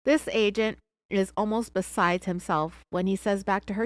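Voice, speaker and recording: A woman's voice: mid-range voice, fairly even intonation, normal speed, dry recording. A woman hosting a true crime podcast, giving scornful, sarcastic commentary. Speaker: podcast host.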